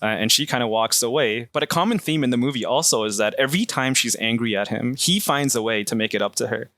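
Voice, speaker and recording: Male podcast host, bright, dry close sound, rambling plot recap. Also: mid-range voice, fast talker, no room sound. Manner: retells scenes at length with many ums and quoted lines. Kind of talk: casual film discussion.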